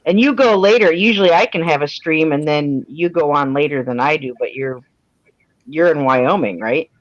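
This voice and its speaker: A woman's voice: low-pitched, moderate pace, dry recording. A woman artist chatting casually on a livestream, folksy and self-deprecating. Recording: dry, dull lo-fi stream audio.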